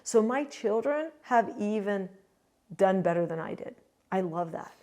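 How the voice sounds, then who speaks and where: A woman's voice: mid-range voice, measured pace. A middle-aged woman and grandmother, a parenting coach giving an earnest, chatty talk to camera. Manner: earnest, chatty, with lively quoted asides. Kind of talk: casual instructional talk to camera.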